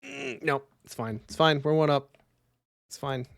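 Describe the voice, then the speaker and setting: A man with a fairly high, bright voice and some vocal fry speaks at a measured pace but very animatedly, in clean studio sound without echo. He's streaming a solo card game as casual live commentary, muttering the rules half to himself and chatting with viewers.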